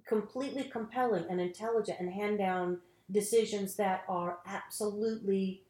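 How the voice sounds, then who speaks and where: Animated Southern American actress. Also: female voice, mid-range voice, normal speed, reverberant, poor audio. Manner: animated, opinionated, laughs often. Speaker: actress and teacher. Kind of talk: casual interview chat.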